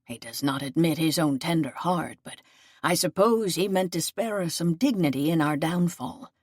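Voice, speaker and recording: Woman voicing an old wounded seneschal, low, solemn and fatherly, for an audiobook, dry recording. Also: moderate pace, no echo. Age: older. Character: aging wounded male seneschal, gentle and loyal.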